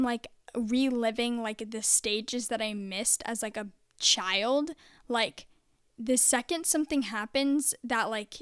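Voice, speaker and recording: A woman's voice: fairly high pitch, clear, resonant tone, dry recording, clean studio sound. A young adult woman talking casually to camera in a confessional vlog, chatty and full of "like". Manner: chatty, peppered with "like". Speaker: vlogger.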